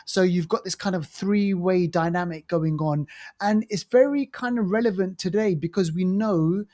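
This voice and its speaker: Rambling enthusiastic podcast co-host. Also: male voice, sits high, moderate pace, dark tone. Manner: enthusiastic, rambling with many fillers and restarts. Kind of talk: casual movie review chat.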